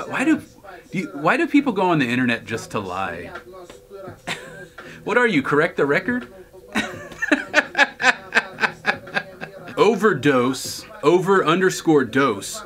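A man's voice: a little high, a bit bright. A man hosting his own video, reading viewer comments aloud and answering with wisecracks and laughs. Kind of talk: casual chat.

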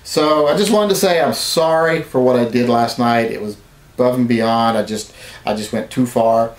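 A man's voice: medium pitch, moderate pace, roomy sound. A man vlogging a mock-serious apology to his channel viewers, rambling and working himself into mock outrage. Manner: rambling, deadpan then mock-outraged rants.

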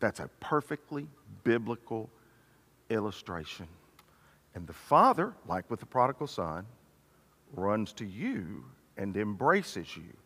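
An older man preaching a sermon, swinging between loud, emphatic passages and hushed, tender ones. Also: fairly low pitch, very animated, a little slow, breathy edge. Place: church sanctuary. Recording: reverberant church hall.

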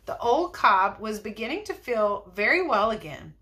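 Woman teacher, storybook read-aloud, high, bright, animated. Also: moderate pace. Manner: expressive, lively reading.

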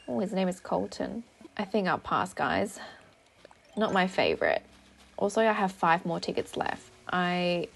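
A woman talks casually over her gameplay with a creaky edge in her voice. She is chatty and excitable, and her voice jumps up at surprises. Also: fairly low pitch. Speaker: vlogger.

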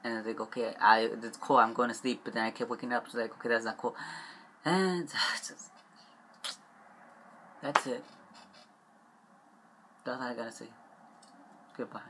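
A young man rambling in a confessional vlog, upset and stressed, halting and trailing off with frequent swearing. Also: mid-range voice, steady tone, background noise.

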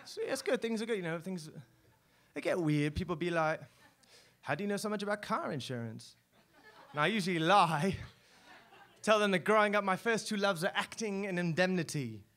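A man's voice: high voice, expressive, normal speed, fairly bright tone. A man voicing a chatty male lizard mascot, in a rambling, self-mocking spoken word performance on a club stage. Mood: cheeky. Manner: breezy, rambling, self-mocking, full of fillers. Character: chatty male lizard mascot, showbiz-proud, secretly lonely. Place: live stage at a poetry club.

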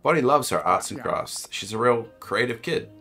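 A man's voice: mid-range voice, expressive, normal speed, bright, forceful tone, soft background music. Woody, a man doing a folksy cowboy toy drawl. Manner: drawling put-on cowboy twang. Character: folksy male cowboy toy sheriff, friendly. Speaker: streamer reading game dialogue in character.

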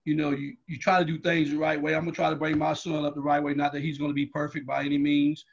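A middle-aged man tells personal stories in an interview, loud and animated as he acts out each exchange. His voice sits a little high and sounds husky, and the audio comes through muffled and lo-fi. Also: fast talker. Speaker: guest, athletics staff member. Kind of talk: storytelling in an interview.

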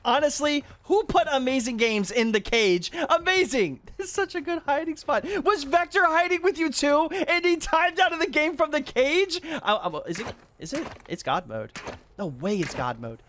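A man hosting a game video, commentating his play and reacting with quick bursts of loud disbelief. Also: very high voice, very animated. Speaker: YouTube gaming host. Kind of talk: gameplay commentary.

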